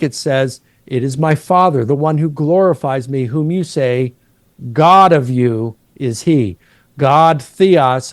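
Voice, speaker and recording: A middle-aged man, a New Testament professor, patiently explaining Greek grammar and slowing down to stress key words. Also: a little high, dry recording.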